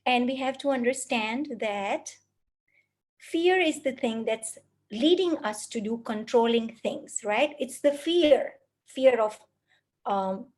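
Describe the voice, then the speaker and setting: A woman's voice: a little high, animated, slow, darkish tone. A woman giving a spoken lecture on parenting, earnest and fond of repeating her points in lists, laughing at herself now and then. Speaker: parenting speaker.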